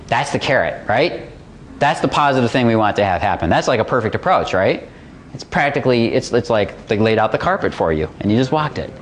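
A man's voice: medium pitch, big pitch swings, fairly quick, a little hiss or hum. A man coaching a room through a guided visualization, blunt and casual, acting out inner voices as he goes. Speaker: dating coach. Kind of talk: guided visualization seminar talk.

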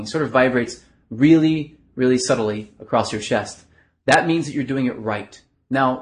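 A man teaching in an instructional video, moving between a bright conversational voice and a lower, softer chest voice, with frequent "uh" fillers. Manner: shifts between a bright throat voice and a low, soft chest voice; earnest, explanatory, with filler words. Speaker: dating coach.

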